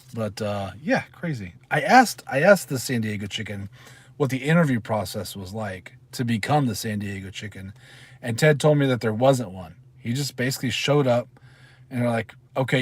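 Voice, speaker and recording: A man's voice: medium pitch, husky, dry recording. A middle-aged man hosting a casual live stream from his parked car, chatting and rambling as he reads out names. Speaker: channel host.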